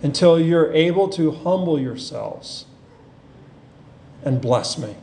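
A man preaching a sermon, earnest and unhurried, reading scripture with feeling. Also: a little high, animated, gravelly, mellow, slight background noise. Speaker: pastor. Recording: echoey room with faint ambience.

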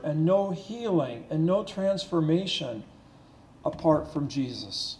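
Male pastor, slightly high voice, earnest building sermon delivery, echoey room sound. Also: lively intonation, darkish tone. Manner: earnest, repetitive preaching with slowed emphasis and rising intensity.

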